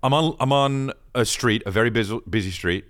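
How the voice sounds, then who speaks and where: A man's voice: mid-range voice, fairly quick, a bit bright. A man, a comedian and podcast host, telling a rambling, self-mocking story in casual chat.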